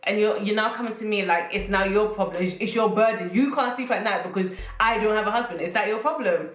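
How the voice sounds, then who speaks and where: Animated British woman vlogging, roomy echo. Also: medium pitch, fast talker, hardly any pauses, background noise. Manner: animated, joking, addresses viewers as guys. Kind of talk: casual comedic monologue to camera. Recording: roomy echo, faint music.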